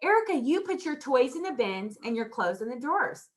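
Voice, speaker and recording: Woman, 30s, teacher trainer, lively and upbeat, slightly high-pitched, laughs easily, acts out praise for kids. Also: fairly quick. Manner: laughs often while explaining. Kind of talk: recorded training lesson.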